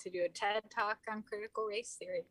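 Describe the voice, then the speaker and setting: Bright, dry-sounding woman with deadpan jokes. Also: medium pitch, fast, no echo. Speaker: podcast guest. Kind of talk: casual comedic chat.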